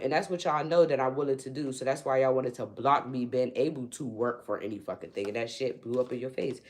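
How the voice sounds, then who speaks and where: A woman spiritual reader ranting on her livestream, blunt and profane, swinging from low muttering to loud, high-pitched outbursts. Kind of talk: unscripted livestream rant.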